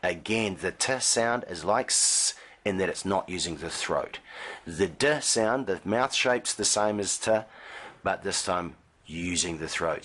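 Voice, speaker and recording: A man's voice: low voice, fairly bright tone, slightly rough. A man teaching an exam pronunciation lesson to camera, patient and demonstrative, stretching some sounds long and punching others out short. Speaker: IELTS teacher.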